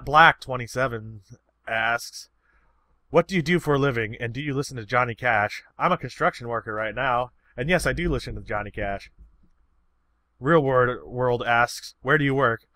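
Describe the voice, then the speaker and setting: A man's voice: medium pitch, pushed and bright, dry recording. A man casually answering viewer questions, rambling and swearing freely in an easygoing, unpolished way. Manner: rambling and profane. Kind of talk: casual chat.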